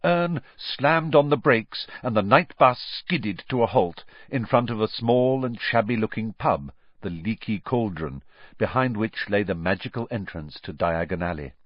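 A man narrating a story aloud in an expressive storytelling manner. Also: fairly low pitch, unhurried, no echo. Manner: expressive storytelling with lively rises and falls. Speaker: audiobook narrator. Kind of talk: scripted narration. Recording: dull, dry studio recording.

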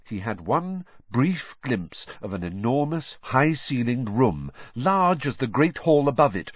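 A man narrating an audiobook with expressive storytelling. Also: mid-range voice, husky, no room sound. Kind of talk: scripted narration. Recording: dull, dry audiobook recording.

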